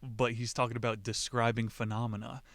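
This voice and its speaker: A man talking casually on his book podcast, rambling and irreverent, mocking what he reads as he goes. His voice sits at an ordinary middle pitch. The sound is dry and close, with no room in it. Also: little pitch movement, fairly quick, fairly bright tone, no echo. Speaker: podcast host.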